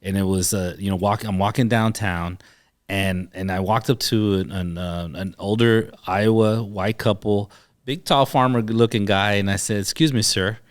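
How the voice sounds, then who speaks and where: A man's voice: on the low side, normal speed. A man, a chiropractor, telling personal stories in a casual podcast chat and acting out the dialogue. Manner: animated storyteller, acts out dialogue. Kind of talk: casual storytelling.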